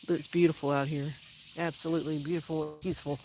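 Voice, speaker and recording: A dog owner chatting casually on a livestream from an outdoor backyard, rambling and now and then shouting to call the dogs. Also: mid-range voice, level tone, quick pace, poor audio.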